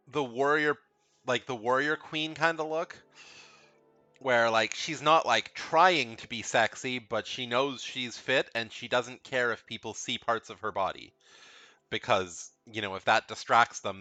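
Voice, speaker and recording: Bright-voiced man in casual game commentary. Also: mid-range voice, no echo. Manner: rambling, repeats himself, frank and blunt. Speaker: video game tier list creator.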